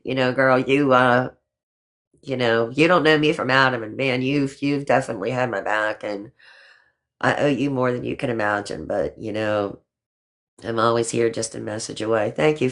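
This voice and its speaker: A woman's voice: rumbling low, gravelly. An older woman hosting a casual livestream chat, talking affectionately to viewers and a guest, with a habit of swearing lightly. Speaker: livestream host.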